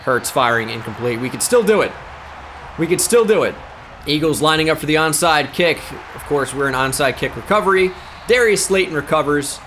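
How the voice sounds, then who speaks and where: Man commentating his own game, excitable, fairly high voice, shouts on big plays, mutters asides, faint background hiss. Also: a little fast. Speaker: gaming YouTuber. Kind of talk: live play-by-play commentary.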